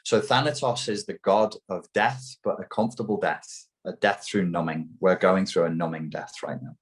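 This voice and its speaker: A man's voice: low voice, normal speed. A man as an interview guest, talking emphatically and mockingly, with plenty of swearing. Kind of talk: heated opinionated talk.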